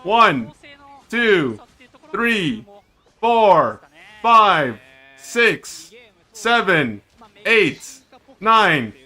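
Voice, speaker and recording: A man streaming himself reacting to an esports match, excitable and teasing, with drawn-out dramatic groans. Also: sits high. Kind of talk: casual live-stream reaction commentary.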